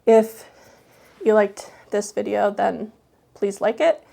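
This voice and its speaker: A woman reading a folksy horror tale aloud, then chatting softly and hesitantly to her viewers. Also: medium pitch, level tone, slow, creaky. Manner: folksy storytelling dialect, then soft hesitant chat. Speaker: storyteller.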